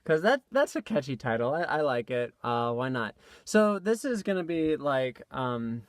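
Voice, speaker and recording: A man's voice: medium pitch, big pitch swings, normal speed, no room sound, studio quality. A young man chatting casually about his voice recording session, rambling with lots of fillers, recorded on a tablet mic in a small clothes-filled closet. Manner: rambling, self-deprecating, lots of fillers and restarts. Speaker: voice actor vlogging a recording session. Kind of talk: casual behind-the-scenes chat. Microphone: tablet's built-in mic.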